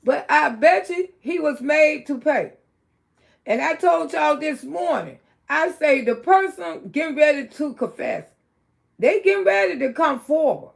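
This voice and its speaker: A middle-aged woman with a Southern US drawl talks straight into her livestream, blunt and outspoken. Her high voice has a heavy gravelly fry running all through it. She sinks to a low mutter and then climbs back up to loud exclaiming. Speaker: livestream host. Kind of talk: casual livestream commentary.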